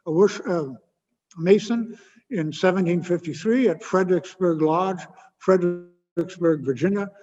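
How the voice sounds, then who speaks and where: A man delivers an informal history lecture, stopping often with filler sounds and dropping wry asides. His voice sits a little high. The recording is a little muffled and carries a long hall reverb. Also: darkish tone. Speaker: guest speaker.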